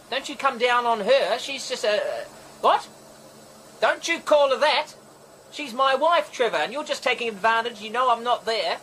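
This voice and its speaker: An actor with a New Zealand accent playing a rambling, apologetic band manager juggling phone calls in a radio sitcom. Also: male voice, high-pitched, pushed and bright, a little hiss or hum, exaggerated voice, low-quality recording. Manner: rambling, apologetic, easily flustered. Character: flustered male manager fielding phone calls.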